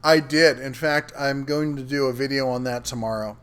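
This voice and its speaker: A man's voice: mid-range voice, level tone, normal speed, fairly bright tone, clear, resonant tone. A middle-aged man hosting a live tool show, chatting casually and reading viewer comments aloud with frequent ums. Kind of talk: casual livestream chat.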